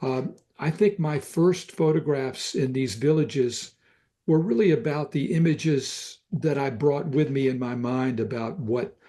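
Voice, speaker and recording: An older man with a Southern US accent, a photographer talking thoughtfully about pictures, pausing often with fillers. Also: medium pitch, mellow. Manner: thoughtful, halting with many fillers. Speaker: photographer guest. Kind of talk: reflective conversation about photographs.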